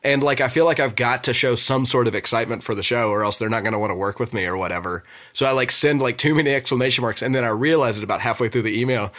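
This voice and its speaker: A man's voice: medium pitch, quick pace, few pauses. A man hosting a podcast, chatting casually and filling his talk with "like". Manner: relaxed, chatty, lots of "like". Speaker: podcast host.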